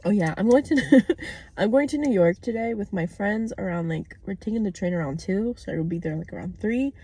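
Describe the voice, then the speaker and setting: A woman's voice: medium pitch, expressive, a little fast, mellow, breathy edge. A young American woman recording a candid, outspoken video diary from her parked car, swearing freely as she talks. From United States. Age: young adult. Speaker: vlogger. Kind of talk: casual personal video diary.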